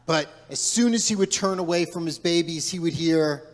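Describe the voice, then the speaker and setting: A man's voice: fairly high pitch, normal speed, slight background noise. A man, a rabbi, telling a folk tale to his congregation in a playful way and leading them in making animal sounds. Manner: playful, directing audience participation. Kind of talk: storytelling to a congregation. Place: large synagogue sanctuary. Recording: long hall reverb.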